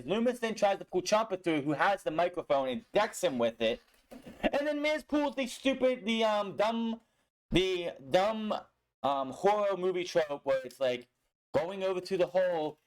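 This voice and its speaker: A young man talks through a wrestling episode in a loose, casual way, swearing freely and growing frustrated at storylines that drag on. His voice sits a little higher than most men's. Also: sing-song, a little slow. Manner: blunt, frustrated, swears a lot. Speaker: wrestling show reviewer. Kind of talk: casual recap with profanity.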